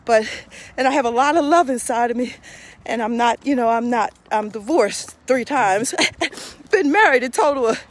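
A woman's voice: a little high, normal speed. A middle-aged woman pastor praying and chatting casually on a live stream outdoors by a street, laughing often between phrases.

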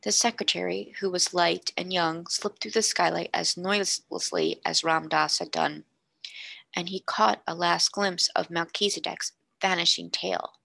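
A woman reading a classic novel aloud in a measured, expressive narration. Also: lowish voice, gravelly, dry recording. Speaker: storybook reader.

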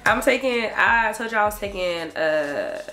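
A young adult woman vlogger chatting casually to her camera, animated and saying "y'all" a lot. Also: medium pitch, unhurried. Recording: roomy echo, faint music behind.

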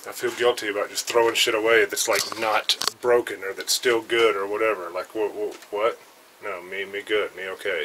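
A man's voice: mid-range voice, pushed and bright, a little hiss or hum, rough recording. A man rambling casually and with lots of swearing while he tells a story from his cluttered shed. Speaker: vlogger.

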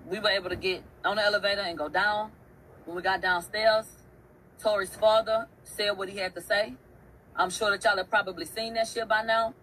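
A woman's voice: medium pitch, fairly bright tone, slight background noise, poor audio. A woman hosting an online show, telling a story in a casual, emphatic rant. She swears often and repeats phrases for effect.

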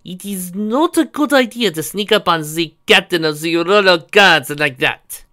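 A man performs a full character voice as a pompous, lovesick royal guard captain, pitched above his own natural voice. It sits high and sounds expressive, bright and forceful yet shaky, delivered at an unhurried pace.

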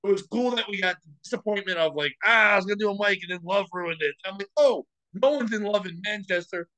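Bright, laughing man telling stories. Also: sits high, quick pace, no room sound, low-quality recording. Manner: animated, laughs often, acts out quotes. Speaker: podcast host. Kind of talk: casual storytelling chat.

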